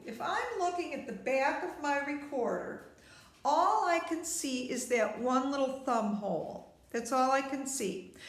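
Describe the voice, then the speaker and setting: Heavy reverb surrounds the high-pitched voice of a woman teaching beginner recorder in a video lesson. She guides the viewer directly, patiently, one step at a time.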